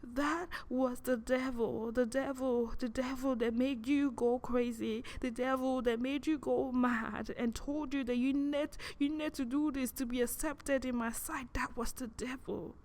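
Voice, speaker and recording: A woman voicing God as a soft, caring, loving presence who speaks tenderly and repeats phrases as if pleading. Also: high voice, fairly even intonation, unhurried.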